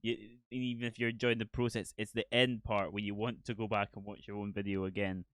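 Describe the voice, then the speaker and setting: A man's voice: fairly low pitch, little pitch movement, fairly quick, fairly bright tone, no room sound. A man hosting a casual podcast chat, rambling and self-deprecating, laughing often. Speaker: podcast host.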